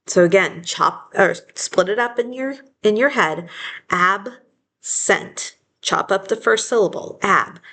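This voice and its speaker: A woman's voice: medium pitch, animated, normal speed, few pauses, fairly bright tone. A woman teaching a phonics lesson, patiently sounding out words syllable by syllable and correcting herself with small apologies. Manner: self-correcting, apologetic asides. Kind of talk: phonics lesson, slow dictation.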